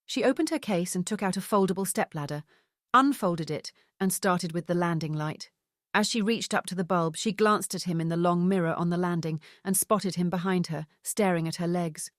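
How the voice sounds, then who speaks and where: A woman narrates a novel as an audiobook reader, delivering scripted narration in an even, measured manner. Her voice sits fairly low, and the studio-quality recording is dry.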